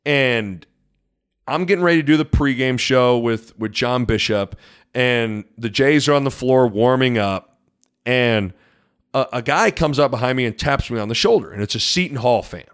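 Man, middle-aged, podcast host, basketball commentator, casual chat, animated storytelling, medium pitch. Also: moderate pace, clear, resonant tone. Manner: animated storyteller, lively swings in pitch and loudness.

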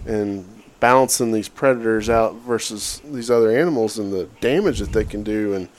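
A man who leads a youth outdoors program, telling a long story in a relaxed, rambling way with lots of fillers. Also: lowish voice, moderate pace. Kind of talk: casual storytelling chat.

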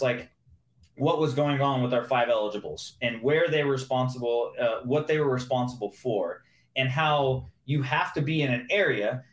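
A man, a former pro football receiver, chatting casually as a guest and acting out old locker-room talks while he explains plays. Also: mid-range voice. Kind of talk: casual sports chat. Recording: roomy echo.

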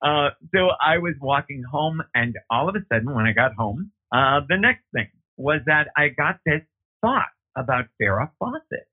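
A man's voice: normal speed, breathy edge. Man telling a story over a phone-like line. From United States. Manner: excitable, acts out quoted dialogue with big pitch jumps. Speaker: guest, opera singer. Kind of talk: animated personal storytelling.

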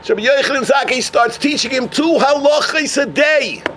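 A male rabbi teaches a Torah class through animated storytelling, sprinkling Yiddish and Hebrew terms through his English. His voice is unusually high and bright. A faint hiss sits underneath. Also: moderate pace.

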